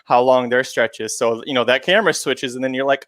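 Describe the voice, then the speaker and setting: Fast-talking playful male podcast host. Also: mid-range voice, fairly bright tone, dry recording, studio quality. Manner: chatty, playful, lots of filler. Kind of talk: casual chat about horse racing.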